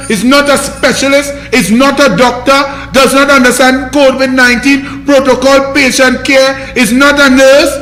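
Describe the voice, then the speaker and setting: A man's voice: very high-pitched, pushed and bright, roomy sound. A man with a Trinidadian accent hosting a political commentary show, scolding and mocking his targets in a combative rant.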